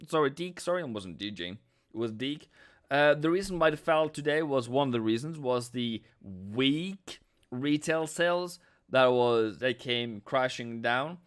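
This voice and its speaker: A man's voice: fairly high pitch, fairly bright tone, smooth. Playful man hosting a stream. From Norway. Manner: playful, chats with viewers, breaks into silly sound effects. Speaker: forex trading livestream host. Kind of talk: casual live-stream commentary.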